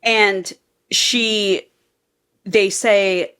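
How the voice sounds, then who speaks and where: A woman's voice: medium pitch, extremely slow, long pauses, a bit bright. A woman co-hosting a podcast, casually and profanely recapping a romance novel and acting out its characters as she goes. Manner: chatty, profane, acts out characters while recapping. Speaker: podcast co-host. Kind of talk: casual book-review chat.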